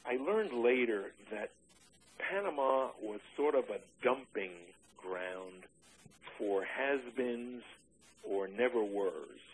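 An older man in an oral history interview, recalling his army days with dry humor and many halting "uh" restarts. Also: medium pitch, expressive, slight background noise, rough recording.

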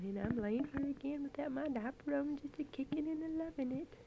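Soft cooing mother on old home tape. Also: high-pitched, gravelly. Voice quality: soft and often whispered. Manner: gentle, soothing, drawn-out exclamations. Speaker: mother talking to her baby. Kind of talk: cooing baby talk on a home recording. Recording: dull lo-fi home tape with faint hiss.

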